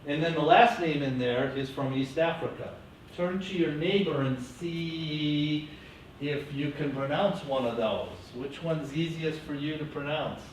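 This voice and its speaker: A man teaching a classroom lecture, lively and coaching his students. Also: on the high side, unhurried. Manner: lively, coaching students through name pronunciation. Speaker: teacher educator. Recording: echoey classroom from far off, faint hiss.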